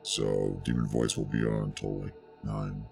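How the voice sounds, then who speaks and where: A man's voice: flat delivery, moderate pace, a little mellow, faint music behind. A man playing a brash male demon barbarian through a demon voice filter, talking casually and swearing. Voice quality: gravelly, very deep. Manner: casual gamer talk, swears freely. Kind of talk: playing a tabletop game online.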